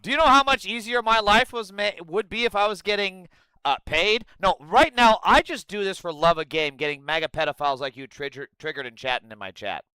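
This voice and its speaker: A man hosting a livestream, ranting profanely and sarcastically and breaking into yelling outbursts. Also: high voice, a little fast, clear, resonant tone, no echo. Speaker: livestream host.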